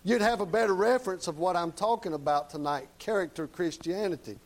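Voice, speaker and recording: A man preaching a sermon in a folksy, plain-spoken way, often checking in with the congregation with quick tag questions. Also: sits high, rough recording.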